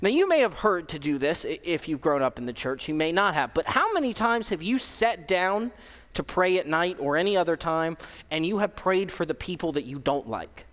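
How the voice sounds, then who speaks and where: Young male preacher, high voice, casual sermon delivery with fillers, reverberant hall. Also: animated, moderate pace, fairly bright tone. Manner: conversational, self-deprecating, frequent fillers and restarts.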